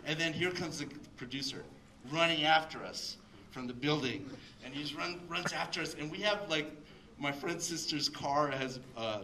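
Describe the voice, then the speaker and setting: A man's voice: a little high, normal speed, a crowd in the background. A middle-aged man from Mexico telling a rambling story to an audience at a library event, full of fillers and laughs. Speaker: guest speaker. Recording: voice picked up from a distance.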